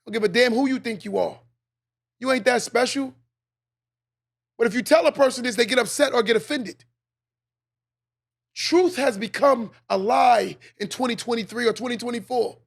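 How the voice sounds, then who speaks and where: High-voiced, gravelly preachy man. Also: normal speed, pauses often. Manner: preachy, emphatic, repeats lines for effect. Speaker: podcast host. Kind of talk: motivational monologue.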